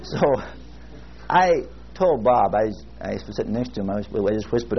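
Lively folksy preacher, muffled recording. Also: male voice, lowish voice. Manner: folksy storytelling preaching, drawn-out emphasis on scripture. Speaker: pastor. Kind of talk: sermon. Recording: muffled lo-fi recording with faint hiss.

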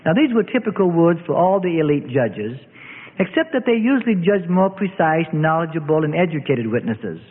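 Brief: male storybook narrator, lively and fairly high, phone-like sound with long reverb. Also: moderate pace, husky. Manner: expressive reading. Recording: tinny, reverberant phone-like audio.

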